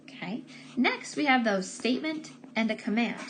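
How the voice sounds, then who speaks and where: A woman teacher giving a patient, slow grammar lesson to first graders, stressing key words. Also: on the high side, lively intonation, slight background noise. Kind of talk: recorded remote grammar lesson for young children.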